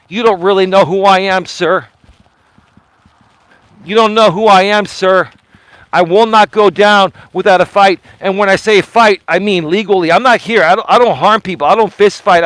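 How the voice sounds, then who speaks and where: A man livestreaming while he walks outside, filming himself with a phone on a selfie stick. His voice sits high, and the sound is dry and close with no room around it. He speaks with insistent emphasis and keeps circling back to repeat his points. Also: a bit bright, no room sound, low-quality recording. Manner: emphatic, repetitive, addressing someone directly. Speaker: vlogger host. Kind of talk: live-streamed walking vlog. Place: outdoors, walking in the cold.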